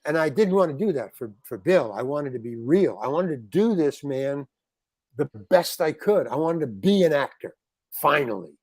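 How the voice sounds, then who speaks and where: A man, a guest actor, telling a long anecdote in a casual interview, animated and saying "man" often. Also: on the high side, normal speed, no echo. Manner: animated anecdote teller, peppers talk with "man".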